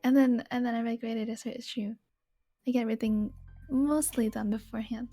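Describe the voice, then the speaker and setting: Giggly husky woman guest streamer. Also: on the high side, steady tone, a little fast, mellow, no echo, faint music behind. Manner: giggly, hesitant with many "um"s. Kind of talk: casual chat.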